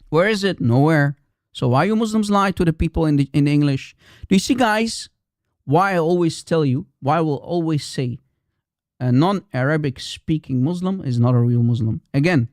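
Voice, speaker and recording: Man, livestream host, combative, repetitive, higher voice, dry sound. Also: expressive, normal speed, darkish tone, no echo. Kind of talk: heated live-stream polemic.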